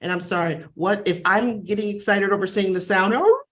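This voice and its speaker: A woman's voice: medium pitch, fairly even intonation, brisk, a bit bright. A woman librarian giving a chatty, enthusiastic booktalk on a video call webinar. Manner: enthusiastic, chatty, acts out dog sounds.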